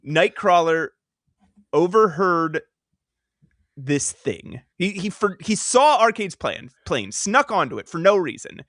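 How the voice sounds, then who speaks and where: A man with a fairly high voice that swings widely in pitch, chatting on a close mic. He recaps comic plots in a rambling, self-interrupting way and slips in quick jokes. The sound is dry and close, with no room around it. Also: very animated, fairly bright tone, no echo. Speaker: podcast co-host. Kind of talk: casual comic book podcast chat.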